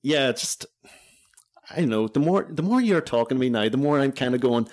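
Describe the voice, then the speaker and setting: A man's voice: mid-range voice, lively intonation, fairly quick, darkish tone. An Irish man with a mid-range voice talks about a movie as a podcast guest. He is easygoing and makes dry little jokes. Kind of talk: casual film review chat.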